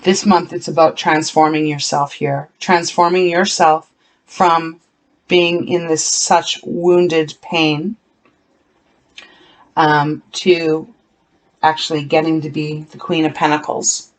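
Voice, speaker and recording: A tarot reader with a medium-pitched, level tone reads cards alone for viewers. The speech is sincere and emotional, lingers on painful words, and often repeats or corrects itself mid-sentence.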